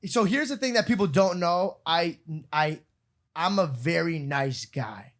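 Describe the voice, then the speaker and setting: A young man in his twenties chatting on a podcast, excitable and laughing as he tells stories. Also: a little high, a little slow. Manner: excitable, laughs while storytelling. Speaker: podcast co-host. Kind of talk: casual podcast chat.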